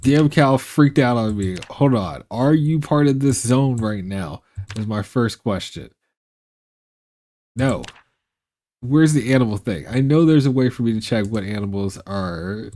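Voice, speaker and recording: Man, game streamer, live gameplay commentary, lively pitch swings, laughing and exasperated. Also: unhurried. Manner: talks to chat and to the game animals, laughing and exasperated.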